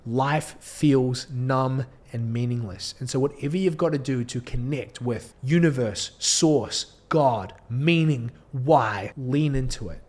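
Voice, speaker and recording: A man's voice: mid-range voice, slow, hardly any pauses. A man in his thirties with a New Zealand accent, speaking to camera as a business coach in an earnest, preachy way, often restarting his sentences. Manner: earnest, preachy, with frequent restarts and light laughs. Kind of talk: direct-to-camera motivational talk. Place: indoor filming setup.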